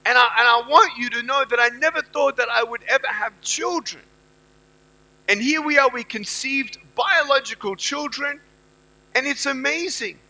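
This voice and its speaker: A man in his thirties giving an inspirational speech to a live audience. He talks emphatically, repeats lines to the crowd, and swings between loud bursts and hushed storytelling. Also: very high voice, moderate pace. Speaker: motivational speaker.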